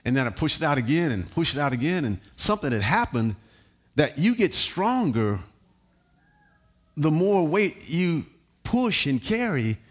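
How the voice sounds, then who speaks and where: Pastor guy preaching in church, high voice, shouts n sings lines, call and response with the crowd. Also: sing-song, unhurried. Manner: repeats words, sings some lines. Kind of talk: sermon. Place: church hall.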